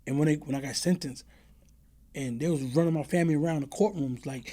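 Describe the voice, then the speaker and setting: A middle-aged man recounts his past in a relaxed interview, his voice pitched a bit high but dark and mellow in tone. He slips into the voices of the people he describes and keeps leaning on "you know what I mean". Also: a little fast. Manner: animated, acts out the voices of the people in his stories. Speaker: interview guest. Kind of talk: casual storytelling.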